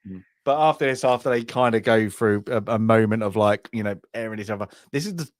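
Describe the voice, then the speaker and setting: A man's voice: on the low side, fast, no room sound. Casting: man in casual film-club chat, meandering and chatty, dry mic. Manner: rambling, many restarts and fillers, acts out characters' lines. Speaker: film review co-host.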